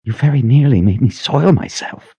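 A man's voice: mid-range voice, normal speed, mellow, husky, no room sound, voice pushed up. A man reading an audiobook voices a devoted young wizard student in a shaky, earnest whisper.

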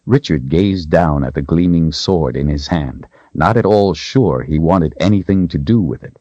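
A man reading a fantasy novel aloud with dramatic, expressive storytelling. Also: a bass voice, moderate pace, hardly any pauses, no echo, lo-fi sound. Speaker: audiobook narrator. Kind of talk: scripted fantasy narration.

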